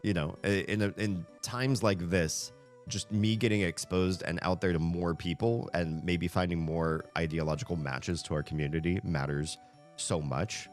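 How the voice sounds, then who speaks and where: A man's voice: low-pitched, steady tone, normal speed, faint music behind. A man streaming live and chatting casually with viewers, rambling, with many "like" fillers.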